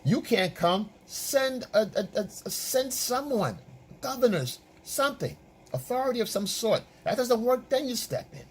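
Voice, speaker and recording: A man's voice: very high-pitched, big pitch swings, measured pace, slight background noise. A man working as a dating and relationship coach, giving opinion commentary in an emphatic, repetitive, lecturing way.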